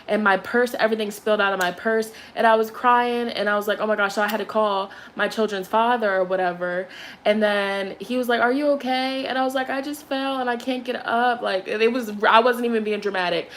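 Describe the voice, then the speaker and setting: A young woman who reads tarot, talking in a chatty, animated way and swearing freely as she tells a story and leads a ritual. Her voice sits at an ordinary middle pitch. Faint noise hums behind her. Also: a little fast. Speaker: tarot reader. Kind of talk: casual storytelling and candle ritual livestream.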